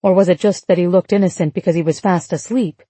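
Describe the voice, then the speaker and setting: A woman reading an audiobook in a measured, even storytelling manner on a close studio mic. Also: on the low side, husky, dry recording. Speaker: audiobook narrator. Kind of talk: scripted narration.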